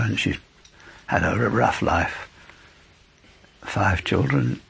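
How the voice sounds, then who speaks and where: Gravelly, husky-voiced lay preacher man. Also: lowish voice. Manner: earnest, anecdotal, acts out both sides of conversations. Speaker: lay preacher teaching evangelism. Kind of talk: instructional church talk.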